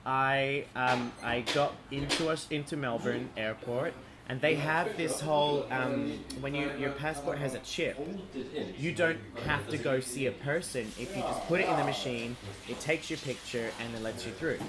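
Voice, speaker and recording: A man's voice: medium pitch, moderate pace, over a noisy crowd. Chatty man telling a funny story. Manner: animated anecdote-teller, laughs often. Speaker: podcast co-host. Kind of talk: casual chat, storytelling. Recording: noticeable background noise.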